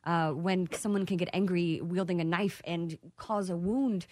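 A woman's voice: fairly low pitch, steady tone, moderate pace, darkish tone, no room sound, clean studio sound. A woman from Texas as a guest, speaking thoughtfully with frequent hesitations. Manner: thoughtful, hesitant, many fillers. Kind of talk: casual interview.

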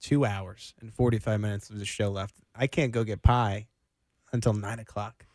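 A man's voice: lowish voice, fairly even intonation, moderate pace, darkish tone, no room sound, clean studio sound. Teasing male sports radio host. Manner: teasing, steers the show. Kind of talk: casual sports radio banter. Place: radio studio.

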